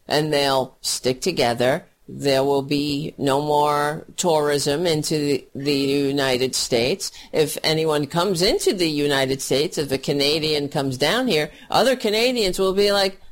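A man ranting at length about politics, angry, mocking and profane, as a solo commentator. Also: a little high.

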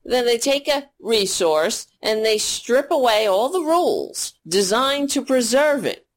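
A woman's voice: a little high, lively intonation, measured pace. A woman hosting a political commentary show, ranting in a sarcastic, profane and rambling way.

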